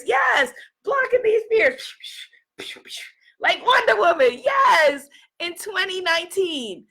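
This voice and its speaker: A woman in her fifties from New York City, losing her voice, giving an emphatic motivational talk as a life coach, repeating affirmations and at times shouting. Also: sits high. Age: 50s.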